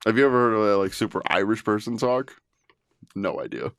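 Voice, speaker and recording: Low-voiced guy on a podcast, laughs a lot, swears, dry close mic. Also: fairly quick, fairly bright tone, no echo. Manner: laughs often, swears freely. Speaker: podcast co-host. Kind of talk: casual chat.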